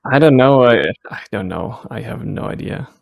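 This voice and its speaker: A man's voice: mid-range voice, animated, normal speed, creaky. A man co-hosting a podcast in casual chat, giving short, hesitant replies. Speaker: podcast co-host.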